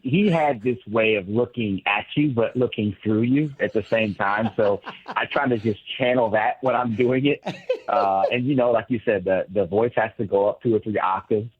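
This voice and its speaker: A low-voiced man with a husky edge calls in as a radio guest. He is candid and reflective and often restarts his sentences. The line is thin and phone-like, with a dry sound. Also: no echo. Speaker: guest, former ballplayer and broadcaster. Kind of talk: sports radio interview.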